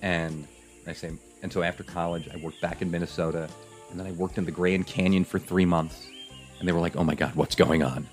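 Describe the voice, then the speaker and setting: A man guest on a podcast, telling a personal story in a casual, animated way, acting out his parents' voices. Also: low-pitched, brisk, soft background music.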